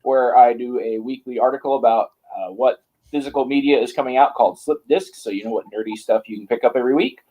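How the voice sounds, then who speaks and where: A man's voice: mid-range voice, fast talker, highs cut off. A man speaking as a panelist and co-director over a video call, in a wry, joking way.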